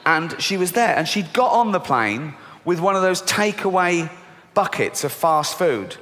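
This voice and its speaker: A British comedian works a big theatre crowd, his sarcastic, mock-outraged delivery swinging widely in pitch. The voice sits fairly high for a man. A long hall reverb and loud audience noise surround every line. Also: sing-song, unhurried. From Britain. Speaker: stand-up comedian. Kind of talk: stand-up comedy. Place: large theatre stage.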